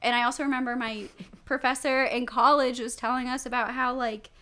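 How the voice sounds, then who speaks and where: A woman's voice: high voice, flat delivery, fairly quick, pushed and bright. A young woman from Tennessee co-hosting a podcast, telling easygoing stories and giggling often. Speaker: podcast co-host. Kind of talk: casual chat.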